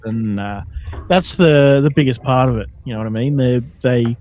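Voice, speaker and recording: A man commentating a live darts stream in a relaxed, rambling way, full of fillers. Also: medium pitch, normal speed, muffled recording.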